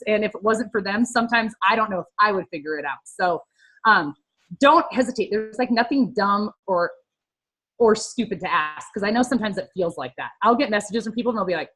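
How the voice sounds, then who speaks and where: A woman's voice: mid-range voice, fairly quick, a bit bright, breathy edge, rough recording. A woman in her thirties, a fitness coach, talking casually and upbeat about social media tips, with lots of fillers.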